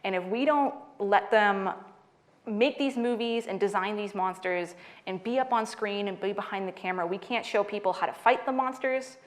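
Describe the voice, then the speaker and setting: A woman's voice: mid-range voice, normal speed. A woman in her thirties, an author giving a talk at a library and taking audience questions, who tells stories with a laugh and acts out the dialogue. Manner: lively storyteller, laughs a lot, acts out dialogue.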